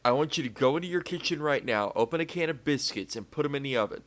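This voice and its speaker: A man's voice: mid-range voice, expressive, fast. A man hosting a casual podcast chat, laughing often and joking loosely. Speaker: podcast host.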